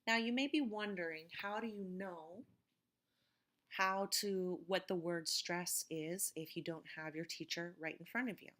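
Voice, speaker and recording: Woman, English teacher, recorded lesson, careful clear delivery, lowish voice. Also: a bit bright. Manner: slow, clear teacherly explanation, words spoken carefully.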